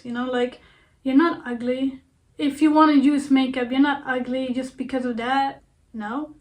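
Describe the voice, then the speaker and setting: Young female vlogger, high voice, chatty encouraging self-talk with fillers and repeats. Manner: earnest, repetitive, playful self-talk with fillers. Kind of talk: casual self-help talk to camera.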